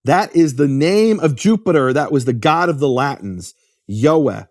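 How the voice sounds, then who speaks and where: A man with a somewhat high voice explains his subject like a lecture. He keeps asking rhetorical questions and then answers them himself. The sound is dry and close, with no room echo. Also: lively intonation, moderate pace, darkish tone. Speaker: host explaining biblical history. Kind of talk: explanatory talk.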